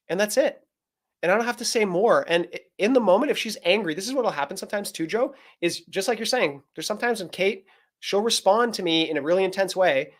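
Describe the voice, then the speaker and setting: A man's voice: sits high, lively intonation, fairly quick. Earnest man coaching on a call. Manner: earnest, explanatory, acts out quoted dialogue. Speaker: men's coach, guest. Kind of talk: live interview answer.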